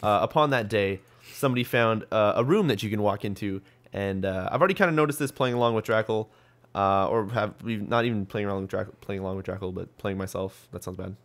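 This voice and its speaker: A man's voice: on the low side, fast. A young man hosting a podcast, chatting casually about gaming news with lots of ums and restarts. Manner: rambling, full of ums and restarts. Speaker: podcast host.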